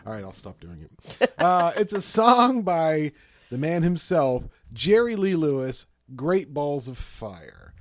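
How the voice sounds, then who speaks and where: A man's voice: a little high, sing-song, takes it slowly, dry recording, studio quality. A man co-hosting a casual chat, joking and teasing as he talks. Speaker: podcast co-host.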